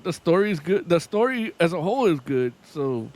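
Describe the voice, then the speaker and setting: A man's voice: a little high, very animated, normal speed, darkish tone. Casual, laughing male podcast host. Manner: loose, profane, laughs often while talking. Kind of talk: casual chat.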